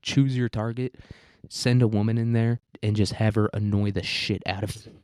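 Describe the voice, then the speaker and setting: A young man with a rambling, crude, deadpan manner, ranting satirically as a podcast host on a close microphone. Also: lowish voice, moderate pace, clear, resonant tone, dry recording. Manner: rambling, crude, deadpan provocative, many restarts. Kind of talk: satirical comedic rant.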